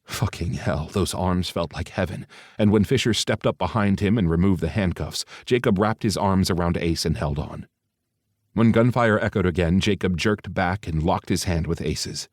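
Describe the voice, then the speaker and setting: Low-voiced guy narrating an audiobook, dry close sound. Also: normal speed, dry recording.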